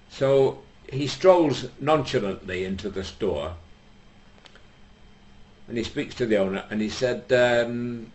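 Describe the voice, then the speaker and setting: A male comedian telling jokes to an audience, with dry, unhurried storytelling and mock-solemn asides. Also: lowish voice. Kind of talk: stand-up joke telling.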